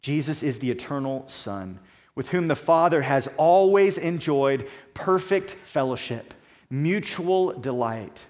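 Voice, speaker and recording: A man preaching a sermon, measured and conversational, slowing down and dropping soft for emphasis, with homely illustrations. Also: a little high, animated. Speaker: pastor.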